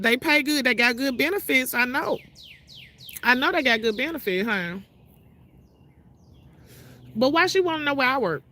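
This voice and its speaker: A woman's voice: sits high, animated, moderate pace, long pauses, pushed and bright. A woman from Mississippi, ranting outdoors to her viewers in a brash, profane, confrontational way. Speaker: vlogger. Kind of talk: ranting call-out vlog to viewers. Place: outdoors outside her trailer.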